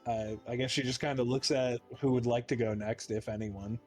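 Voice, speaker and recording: A man's voice: mid-range voice, steady tone, moderate pace, darkish tone, faint music behind. A man narrating as game master of a tabletop game in a casual, chatty way.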